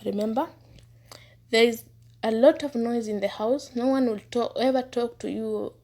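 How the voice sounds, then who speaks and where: A woman telling her own story as a former housemaid, in an earnest, casual way. She repeats words for emphasis and sometimes drops into hushed asides. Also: fairly high pitch, moderate pace. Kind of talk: personal testimony, casual storytelling.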